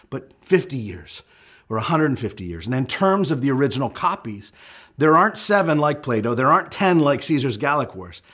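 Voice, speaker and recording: A man's voice: mid-range voice, a bit bright. A middle-aged man preaching a sermon, explaining step by step and leaning hard into his key points. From United States. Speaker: pastor.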